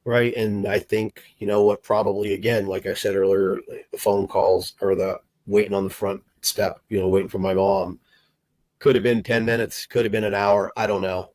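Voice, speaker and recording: A middle-aged man telling his personal story as a podcast guest, heartfelt and halting, with many fillers and restarts. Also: lowish voice, little pitch movement, darkish tone, dry recording, poor audio. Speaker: guest, recruiter and agency owner.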